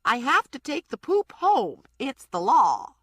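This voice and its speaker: A woman voicing a frightened but stubborn old woman with a shrill, pleading manner. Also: wildly swooping pitch, measured pace, a bit bright, husky, dry recording, clean studio sound, full character voice.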